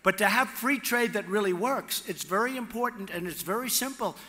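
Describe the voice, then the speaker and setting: A man giving a campaign rally speech off the cuff, repetitive and boastful, swinging from loud shouts to hushed asides at a podium microphone. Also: high voice, animated, fairly quick. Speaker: political candidate at a rally. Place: large rally venue with crowd. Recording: echoey rally hall with long reverb.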